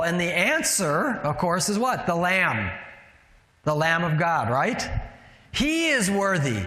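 Male preacher, conversational teaching sermon, slightly high voice, recorded in a reverberant hall. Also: big pitch swings, moderate pace, bright, forceful tone. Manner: conversational, asks the room rhetorical questions. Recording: echoey hall with long reverb.

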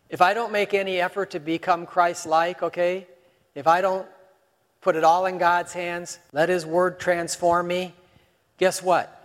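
A man's voice: high voice, big-room sound. A man preaching a sermon in a conversational way, full of rhetorical questions.

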